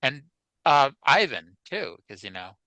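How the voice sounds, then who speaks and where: Bright, crisp podcast co-host. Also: male voice, mid-range voice, sing-song, unhurried, dry recording. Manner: chatty, self-deprecating. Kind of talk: casual chat.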